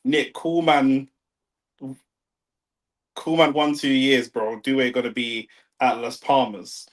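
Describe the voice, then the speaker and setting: A young man with a London accent, talking slangy and excitable over a live football match and arguing with his chat. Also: medium pitch, slow pace. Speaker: watch-along streamer. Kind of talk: live football watch-along commentary.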